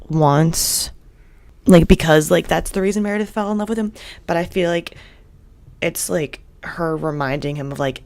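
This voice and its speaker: Gravelly young woman, laid-back chat. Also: sits low, darkish tone. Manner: laid-back, hesitant, many "like" fillers. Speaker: podcast co-host. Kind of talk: casual chat recapping a TV episode.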